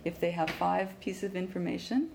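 Low gravelly woman coaching a class. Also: moderate pace. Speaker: English conversation teacher. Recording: echoey room with faint background noise.

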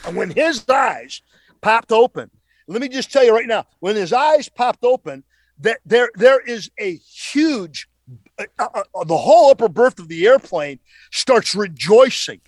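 Emphatic preacher guy telling his story, high voice, repeats stuff for punch, dead dry mic. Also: a little slow, dry recording. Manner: animated, emphatic, repeats phrases for effect. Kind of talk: storytelling testimony on a talk show.

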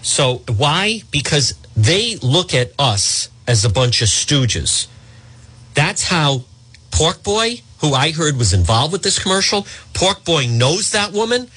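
Guy ranting on talk radio, sarcastic, kinda husky, voice jumps all over the place. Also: big pitch swings, slow, sharp tone. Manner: sarcastic, mocks voices in a high put-on tone. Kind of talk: opinionated talk radio monologue.

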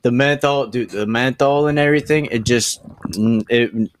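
A man's voice: medium pitch, moderate pace. A man co-hosting a podcast, telling crude anecdotes in a laid-back way. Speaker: podcast co-host. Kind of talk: casual podcast banter.

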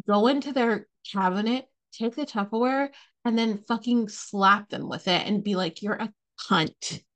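Profane ranting woman podcaster. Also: mid-range voice. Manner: profane, animated, laughing often. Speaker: podcast host. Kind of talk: casual ranting monologue.

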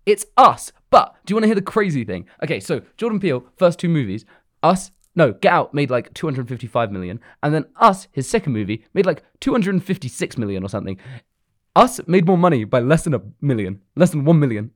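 A woman's voice: low voice, very animated, a little fast, dry recording, studio quality. A woman co-hosting a casual podcast, chatty and teasing, laughing often. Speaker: podcast co-host. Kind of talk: casual chat.

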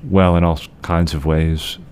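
A man co-hosting a podcast, explaining theology in a measured, conversational way with frequent restarts. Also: very deep voice, level tone, a little mellow, clean tone.

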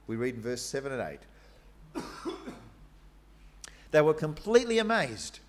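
A man preaching a sermon in an animated, conversational way, with fillers and asides. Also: medium pitch, fast talker, a little hiss or hum.

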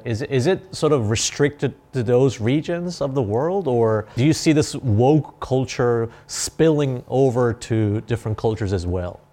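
Low-voiced man asking measured questions. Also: a little mellow. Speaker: podcast host. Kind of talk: interview questions.

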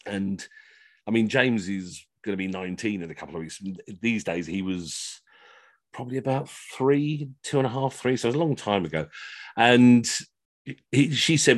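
A middle-aged man telling comic anecdotes on a video call, animated and slipping into funny voices for the people in his stories. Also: on the low side, moderate pace, dry recording. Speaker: costumed Henry VIII entertainer telling stories.

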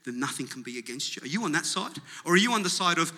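A male pastor preaching to his congregation, his high, very bright and forceful voice climbing into emphatic, rousing calls. The sound carries a long reverb from a large church hall. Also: animated, fast, hardly any pauses, slight background noise. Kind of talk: sermon.

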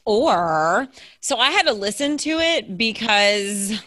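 A woman from Louisiana co-hosting a book podcast, talking in an animated, rambling way. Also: medium pitch, slow pace, no echo. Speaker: podcast co-host, educator. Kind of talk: casual book chat.

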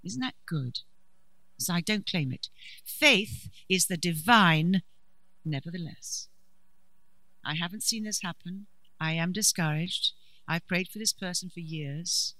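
A middle-aged woman giving a preaching talk at a conference, a lively storyteller with dry humour. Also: on the low side, normal speed, no echo, poor audio. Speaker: conference speaker.

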